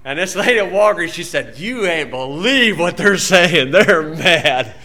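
Man, preacher, sermon, folksy storytelling, bright forceful voice, rises and falls in loudness. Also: expressive, measured pace. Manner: folksy storytelling preacher, rises loud then drops low. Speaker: pastor.

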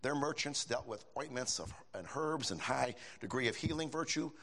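Older guy preaching, folksy and animated, voice bouncing way up and down. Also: moderate pace. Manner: animated, rising to high emphatic bursts, folksy asides. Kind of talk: sermon.

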